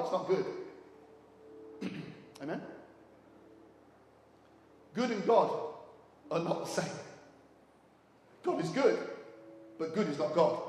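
A man preaching a sermon in a church, telling stories quietly and then raising his voice to urge the congregation on. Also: high-pitched, a little hiss or hum. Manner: swings from hushed storytelling to raised exhortation. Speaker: visiting preacher. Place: church hall. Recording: echoey hall, mic at a distance.

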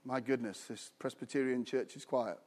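A man's voice: medium pitch, fairly even intonation, normal speed, a little mellow. A middle-aged British man preaching a sermon as a visiting preacher, with call-and-response and humorous asides. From United Kingdom.

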